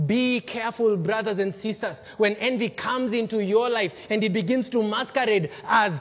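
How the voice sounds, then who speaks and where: Male pastor, high voice, preaching hard with dynamic swings; muffled recording, long church echo. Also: brisk, few pauses. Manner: emphatic preaching, swinging from loud to hushed. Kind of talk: sermon. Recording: dull lo-fi sermon recording with long hall reverb.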